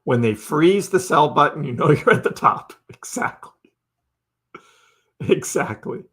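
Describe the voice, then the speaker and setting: A man's voice: a little high, lively intonation, a little slow, long pauses, fairly bright tone, breathy edge. A man hosting a casual crypto live stream, chatting loosely, laughing often and answering viewers by name. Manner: chatty and laid-back, laughs often, talks to chat by name.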